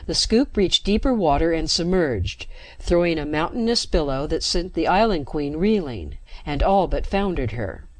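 A woman narrating a science fiction story with steady, dramatic pacing into a close mic. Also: low voice, normal speed, no echo. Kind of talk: scripted narration.

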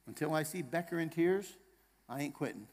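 A man preaches in a church with a slightly high voice, dropping to near-hushed tenderness before building to loud, emphatic calls. He jokes with his congregation and asks them questions. His words ring out with a long reverb across the sanctuary. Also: animated, normal speed. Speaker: pastor. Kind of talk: sermon.

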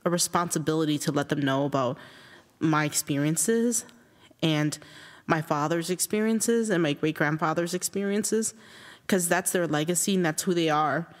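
A woman telling a personal story in a reflective, halting, earnest way. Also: deep voice, big-room sound. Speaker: interviewed writer.

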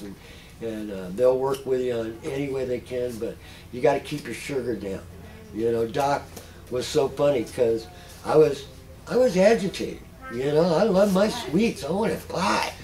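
A man's voice: on the high side, a little mellow, rough recording. A middle-aged man talking to a group in a casual, folksy way, telling anecdotes and often chuckling. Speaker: patient speaker. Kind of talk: casual storytelling talk.

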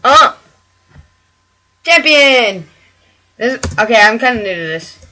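A woman hosting a gaming channel, giving let's-play commentary while growing frustrated, swearing and yelling at the game character and talking to her viewers. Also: a little high, expressive, takes it slowly, long pauses, noisy background.

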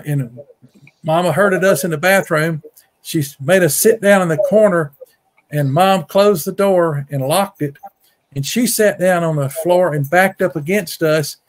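A middle-aged man, telling a story at home in a casual, folksy way, often repeating words and raising his voice for the quotes. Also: a little high. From Mississippi. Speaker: guest storyteller, Bigfoot researcher. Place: home on a rural farm.

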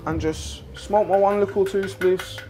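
A young man, a rapper chatting casually backstage before a show, animated and swearing freely. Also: high-pitched, a little slow, soft background music. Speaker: rapper on tour.

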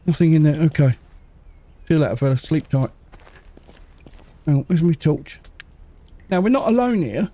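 Chatty man with lively pitch. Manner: chatty, muttering to himself, quick jokes. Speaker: gaming channel host. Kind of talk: casual let's-play commentary.

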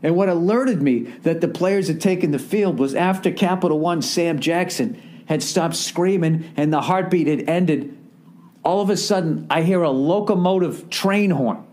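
Profane rambling man, high voice. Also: normal speed. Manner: profane, rambling, animated storytelling. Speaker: podcast host. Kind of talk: casual comedic monologue.

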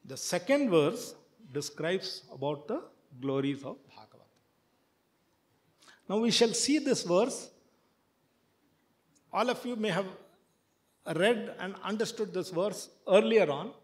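A man giving a sermon, chanting verses and then explaining them at length, often halting with fillers and restarts. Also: sits high. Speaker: preacher.

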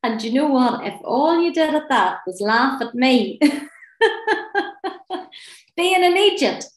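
A woman's voice: high voice, big pitch swings, takes it slowly, reverberant, low-quality recording. A woman leading a guided laughter and relaxation class, playful and encouraging, often giggling between instructions. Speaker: laughter and relaxation session leader.

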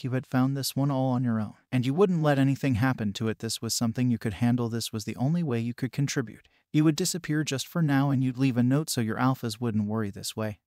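A man reading a second-person fan fiction story aloud in a steady, even storybook delivery. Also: medium pitch, no room sound, clean studio sound. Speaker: narrator.

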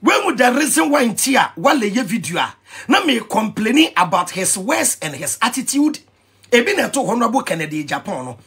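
A Ghanaian man ranting in an animated vlog commentary, excitable and mixing pidgin with Twi. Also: very high voice, a little fast, slightly rough. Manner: excitable, switching between pidgin and Twi, shouting and laughing. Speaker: vlogger.

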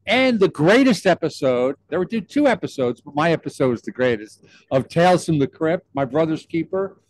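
An older man hosting a casual talk show, telling a story with lively acted-out quotes. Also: a little high, fairly quick. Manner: animated storyteller, acts out quotes. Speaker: podcast host.

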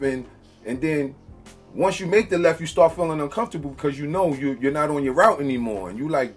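Over soft background music, a man with a slightly high, slightly fast, somewhat rough voice hosts a relationship talk. He tells stories conversationally, acting out quoted lines and often checking in with "okay?".

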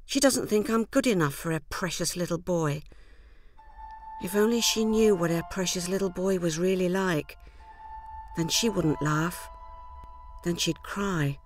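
An actress playing a weary housewife in a loveless marriage, narrating a scripted film monologue in a wry, rueful and quietly downcast way. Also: female voice, fairly low pitch, a little slow, pauses often, soft background music, close to an everyday voice. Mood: wistful.

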